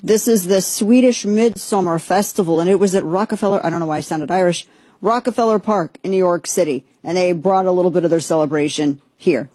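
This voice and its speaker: A woman's voice: lowish voice, brisk, hardly any pauses, dark tone, husky, no echo. A woman hosting a podcast, giving chatty, sarcastic, rambling commentary. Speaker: podcast host. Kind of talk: opinionated casual commentary.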